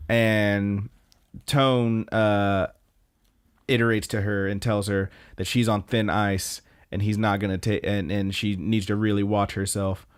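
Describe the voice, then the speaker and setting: A man's voice: fairly low pitch, level tone, measured pace, clear, resonant tone, dry recording, clean studio sound. A man casually recapping anime episodes as a podcast co-host, rambling with lots of fillers and swearing. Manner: rambling, profane, frequent fillers.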